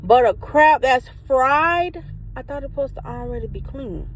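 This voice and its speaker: In casual vlog talk recorded outdoors by a truck, a woman reviews a meal with a high, expressive voice at a moderate pace. She addresses viewers as "y'all," speaking emphatically and repeating herself. The recording is low quality with slight background noise.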